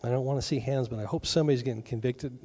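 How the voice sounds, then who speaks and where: A middle-aged male pastor preaching a sermon in a conversational way, with joking asides and quick acted-out voices. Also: medium pitch, fairly even intonation, warm tone.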